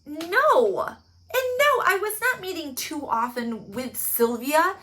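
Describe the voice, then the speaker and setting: A high-strung male finance guy, put on by a woman recapping a TV episode, his voice jumping up high and sharp as he protests indignantly. The tone is bright and tense throughout. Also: lively intonation, slow, full character voice. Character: flustered defensive young male finance guy.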